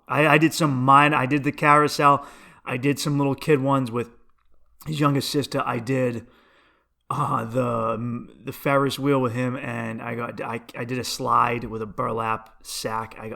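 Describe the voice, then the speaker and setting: Bright-voiced rambling male comedian. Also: mid-range voice, little pitch movement, unhurried, creaky. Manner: rambling storytelling, self-interrupting with restarts and asides. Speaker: comedian podcast host. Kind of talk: casual comedic monologue.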